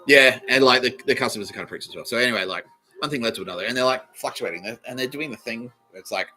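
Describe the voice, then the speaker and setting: A young Australian man rambles through a comic story for his podcast, cursing freely and putting on the voices of the people he quotes. His voice has a bright, forward edge. Faint music runs underneath. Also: mid-range voice, very fast. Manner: profane, laughing, acts out quoted people. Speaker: podcast host. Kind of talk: comedic storytelling monologue.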